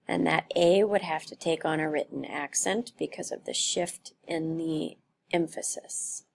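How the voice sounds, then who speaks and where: Woman teacher, unhurried delivery, heavy vocal fry, careful grammar explanations. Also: low-pitched. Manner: slow, careful explaining with examples. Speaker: Spanish teacher. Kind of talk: classroom grammar lesson.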